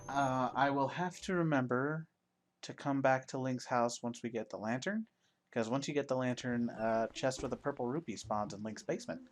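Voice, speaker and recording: A man's voice: mid-range voice, normal speed, soft background music. A man commenting casually as he plays a video game, rambling and joking at his own expense. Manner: self-deprecating, joking, rambling. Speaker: let's play host.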